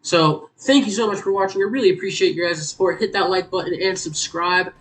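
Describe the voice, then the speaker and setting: A man giving loud, exasperated gameplay commentary as a gaming YouTuber. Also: sits high, fairly quick, distant mic, poor audio.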